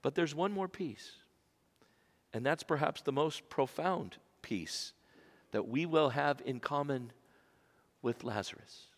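Male pastor, fairly high voice, dramatic sermon, loud then hushed, long church echo. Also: slow pace, long pauses. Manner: dramatic swings from loud emphasis to hushed whispers. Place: church sanctuary. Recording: long reverb of a large church.

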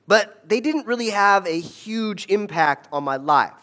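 A man's voice: high-pitched, lively intonation, a little slow, a bit bright. A man giving a conversational storytelling talk, often checking in with his audience. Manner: conversational, asks the audience "right?".

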